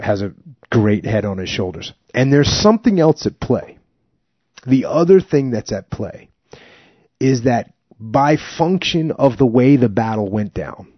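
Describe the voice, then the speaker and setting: A man's voice: mid-range voice, no echo. A male podcast host reading from a book and then commenting on it emphatically, in a slightly muffled dry recording. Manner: emphatic, animated when commenting.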